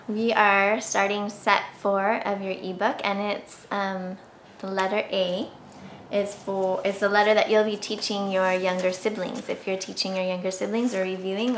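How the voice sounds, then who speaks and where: A woman's voice: medium pitch, fairly bright tone. A woman teaching a children's reading lesson, sounding out letters in a sing-song, encouraging way. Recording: echoey room with faint hiss.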